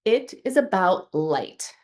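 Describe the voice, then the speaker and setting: A woman's voice: fairly low pitch, takes it slowly. A woman guest on a faith podcast, explaining ideas earnestly and acting out small everyday dialogues as she goes. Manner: earnest, lively, acts out little dialogues. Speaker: podcast guest, founder of a reset program. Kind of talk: faith-based explanatory interview talk.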